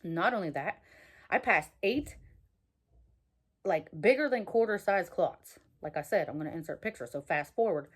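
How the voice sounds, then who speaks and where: A woman's voice: on the low side, animated, moderate pace, slightly rough. A woman talking casually and candidly to her viewers in a rambling personal vlog, with lots of fillers and restarts. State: out of breath. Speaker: vlogger. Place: at work.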